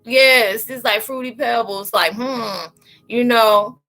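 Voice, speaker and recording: A woman's voice: on the high side, takes it slowly, bright, forceful tone. A middle-aged woman hosting a casual live chat, talking straight to her viewers, laughing and telling stories as she reads the comments. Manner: chatty, laughing, talks to viewers directly. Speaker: livestream host.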